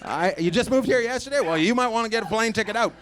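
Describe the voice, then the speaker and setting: A man doing stand-up comedy, teasing the crowd loudly with crude banter from a club stage. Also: high-pitched, lively intonation, fast. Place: comedy club stage before a live audience. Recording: live club recording with noise.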